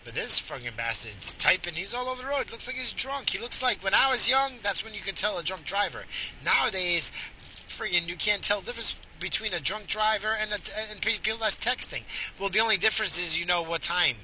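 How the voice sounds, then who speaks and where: A man's voice: high voice, animated, brisk, pushed and bright, slight background noise. A man podcasting while he drives, rambling crudely and profanely into a head-mounted mic. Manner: profane, rambling, mock-theatrical. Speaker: podcast host. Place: car, driving.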